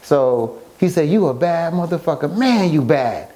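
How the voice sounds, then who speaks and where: As a guest in a relaxed interview, an author and photographer tells his story in a fairly high voice at normal speed. He's an animated storyteller, performing the dialogue of others who spoke to him.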